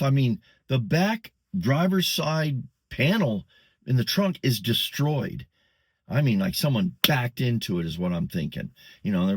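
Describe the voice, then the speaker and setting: A man's voice: medium pitch, husky, dry recording, clean studio sound. An older man telling a story in a casual, rambling way, full of fillers and restarts, recorded outdoors in a parking lot. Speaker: vlogger.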